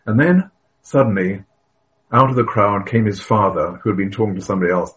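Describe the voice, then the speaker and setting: A man preaching a sermon, earnest and emphatic, telling stories with the odd filler and cleared throat. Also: on the low side, a little fast, fairly bright tone, lo-fi sound.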